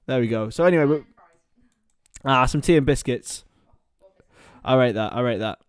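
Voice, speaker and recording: A man streaming live fan commentary on a football match, excitable and rambling, chatting with his viewers between calls of the play. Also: mid-range voice, normal speed, clear, resonant tone, dry recording, studio quality.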